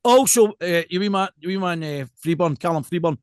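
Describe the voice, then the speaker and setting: A Scottish man co-hosting a podcast, chatting casually in an animated, joking way and telling stories. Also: high-pitched, fairly quick, clear, resonant tone, no room sound, studio quality. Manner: animated and jokey, tells stories with quoted asides. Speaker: podcast co-host.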